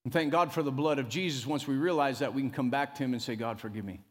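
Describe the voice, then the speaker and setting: A man preaching a sermon as pastor, emphatic and animated, often rising loud and dropping to a near hush. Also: fast talker, long reverb tail. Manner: emphatic preacher who rises and drops in pitch and loudness, calling "come on".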